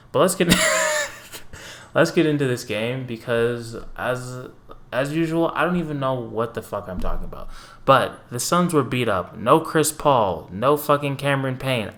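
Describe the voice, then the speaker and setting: A young man hosting his own basketball fan channel, talking casually in an animated, profane, petty rant with sarcastic asides. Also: mid-range voice.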